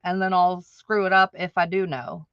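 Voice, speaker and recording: A woman's voice: fairly low pitch, flat delivery, moderate pace, no room sound, lo-fi sound. A woman hosting a live stream who chats straight to her viewers, laughing often. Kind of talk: casual livestream chat. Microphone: audio-only livestream.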